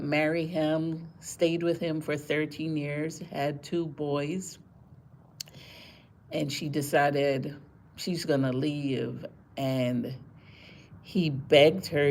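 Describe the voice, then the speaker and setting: Slow, gravelly-voiced woman chatting live. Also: low voice, darkish tone, slight background noise. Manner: chatty, indignant, repeats words for emphasis. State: tired after a rough morning. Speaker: vlogger talking to live viewers. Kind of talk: casual live-stream commentary.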